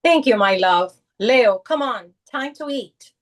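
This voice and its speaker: An actress playing a protective mother who speaks in a measured, firm way. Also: fairly high pitch, animated. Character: protective mother, stern but loving.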